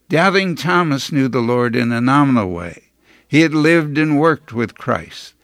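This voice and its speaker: Man, sermon, slow and deliberate, gravelly, dry close sound, earnest. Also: a little high, expressive, fairly bright tone, no echo. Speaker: preacher. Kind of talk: scripted sermon.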